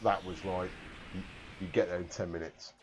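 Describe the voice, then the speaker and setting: Reading viewer comments during a casual live stream, a Warwickshire man rambles, cracks self-deprecating jokes, and swears without fuss. His low, slightly mellow voice has little pitch movement and moves at normal speed, with a faint hiss or hum present.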